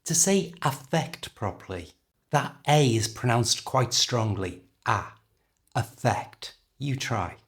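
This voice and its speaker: A middle-aged man with a British accent teaching an English lesson, carefully and clearly modelling how words are pronounced. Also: mid-range voice, animated, unhurried. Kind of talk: language lesson.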